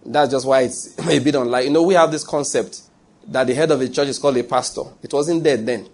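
A man's voice: medium pitch, fast, darkish tone. A man preaching a sermon who reads scripture aloud and keeps asking his listeners whether they follow.

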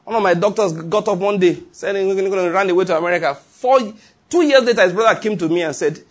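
Male pastor, middle-aged, husky tone, emphatic sermon delivery. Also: high voice, fast talker. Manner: emphatic, repetitive preaching with acted quotes and chuckles.

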